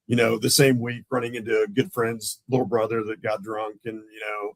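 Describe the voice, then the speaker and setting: Animated storytelling man. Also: on the low side, a little fast, no echo, rough recording. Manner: animated, acts out the voices in his stories. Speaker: police lieutenant guest. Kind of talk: casual storytelling in a podcast interview.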